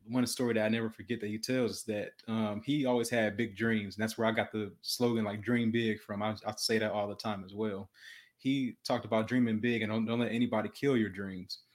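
A young man speaks in a slightly low voice, telling a story at an easy conversational pace. He is earnest and often repeats and restarts words, with the catch of a stammer. It sounds like a relaxed podcast chat. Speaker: podcast guest. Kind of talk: casual storytelling.

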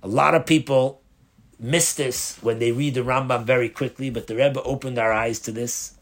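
A rabbi giving a spoken Torah lesson, explaining step by step, posing questions and answering them, often restarting and rephrasing mid-sentence. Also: male voice, mid-range voice, fairly even intonation, moderate pace. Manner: explanatory, asks and answers his own questions. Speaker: rabbi teaching a Torah class.

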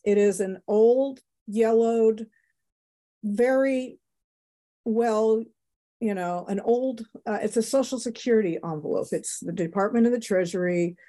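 An older woman, a show guest, giving an emotional, animated personal testimony. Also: mid-range voice.

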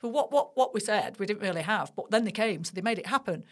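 A woman's voice: mid-range voice, fast talker. Chatty Mancunian woman in her forties. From Manchester, England. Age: 40s. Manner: chatty, animated storyteller with self-deprecating humour. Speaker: podcast guest. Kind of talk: casual interview chat.

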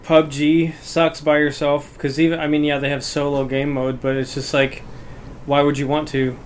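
A man's voice: a little high, flat delivery, normal speed, slight background noise. A man in a casual podcast chat, laid-back and blunt in short remarks.

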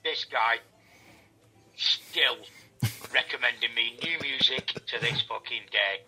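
An English man, a retired DJ, co-hosting a podcast, loud, emphatic and heavily profane. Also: medium pitch, slow pace, husky, low-quality recording. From England. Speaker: co-host, retired DJ. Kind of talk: casual podcast chat.

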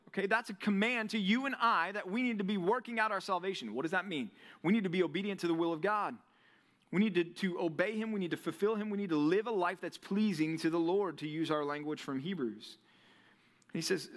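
A young man preaching a sermon to a college group, with a lively, conversational style full of rhetorical questions. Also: high-pitched, a little fast. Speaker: pastor.

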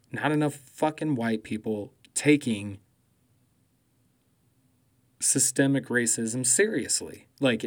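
Guy ranting like a comedian, swears nonstop, loud and mocking, cracks himself up. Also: mid-range voice. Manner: swears constantly, loud and mocking, laughs at own jokes. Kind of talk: profane comedic political rant.

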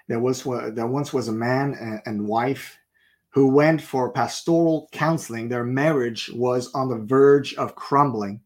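A middle-aged man preaching a sermon, telling a story and acting out the people in it with lively voices. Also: mid-range voice. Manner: animated storyteller acting out characters.

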